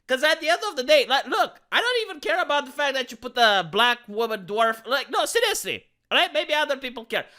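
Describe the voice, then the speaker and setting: Sarcastic man with a bright voice. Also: very high voice, very animated, brisk, few pauses. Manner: sarcastic, theatrical, mock-grandiose. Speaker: YouTube commentator. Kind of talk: ranting commentary vlog.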